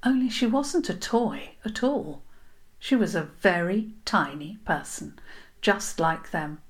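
A woman narrating a children's story in a gentle, unhurried way. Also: mid-range voice, lively intonation, breathy edge.

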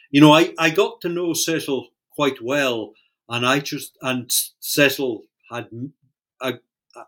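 A man's voice: mid-range voice, fairly bright tone. Hesitant man recalling his career. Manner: thoughtful, hesitant, repeats words while gathering thoughts. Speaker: interview guest, fishing industry leader. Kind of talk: recorded oral-history interview.

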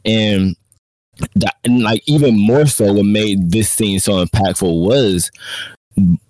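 A man's voice: fairly low pitch, slow pace, a little mellow, dry recording. A man co-hosting an anime talk podcast, talking in a laid-back, slangy way. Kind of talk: casual chat.

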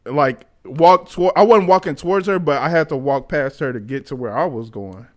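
Young man, twenties, casual storytelling, animated and slangy, slightly high voice. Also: a little fast. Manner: animated, slangy, laughs often. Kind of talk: casual chat.

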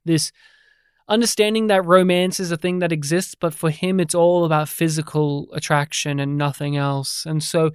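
A podcast co-host chatting casually about films, animated and jokey, with a habit of slipping into mock impressions. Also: mid-range voice, moderate pace, clear, resonant tone, dry recording, studio quality. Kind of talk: casual chat.

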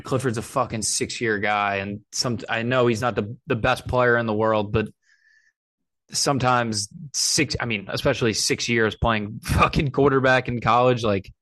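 A man hosting a casual sports podcast, talking in a relaxed, hesitant way with lots of fillers and the odd swear word. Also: on the low side, dry recording. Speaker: podcast host.

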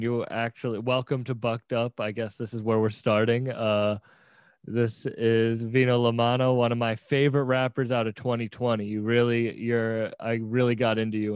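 A man's voice: mid-range voice, flat delivery, moderate pace, clear, resonant tone, no echo. A man hosting a podcast, asking friendly, easygoing questions. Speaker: podcast host. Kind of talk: casual interview.

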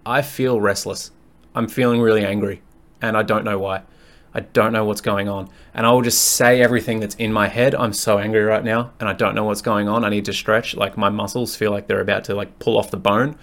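A man hosting a fitness podcast alone, talking bluntly and frankly, swearing freely and rambling as he thinks aloud. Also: lowish voice. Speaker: fitness coach and podcast host. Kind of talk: candid solo podcast monologue.

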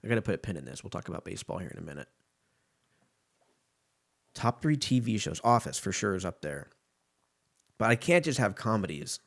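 A man's voice: lowish voice, big pitch swings, brisk, vocal fry, pauses often, fairly bright tone. A man in his thirties, hosting a casual podcast and rambling in a profane, joking way. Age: 30s.

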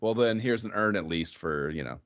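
A man's voice: lowish voice, animated, fairly quick, fairly bright tone. Laughing, rambling podcast co-host man. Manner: laughs often, rambling with restarts. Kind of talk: casual chat about a retro game.

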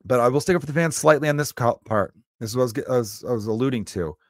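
A comedian from Chicago, USA, rants on his own podcast, emphatic and full of strong opinions. He talks fast in a mid-range voice. The studio sound is clean, with no room sound.

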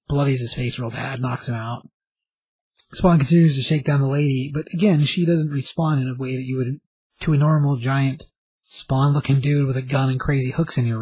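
Husky man casually recapping a story. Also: mid-range voice, darkish tone, no echo, low-quality recording. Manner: rambling, informal, with fillers. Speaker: vlogger recapping a show.

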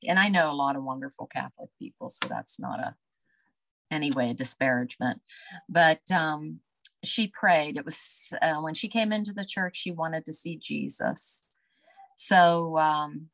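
Low-voiced woman telling family stories. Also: a bit bright, dry recording. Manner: reminiscing, unhurried, with many fillers. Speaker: interview guest. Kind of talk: casual storytelling.

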